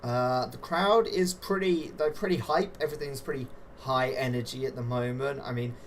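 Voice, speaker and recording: A man's voice: medium pitch, normal speed, slight background noise. A man as game master, narrating a tabletop wrestling game with playful, vivid play-by-play.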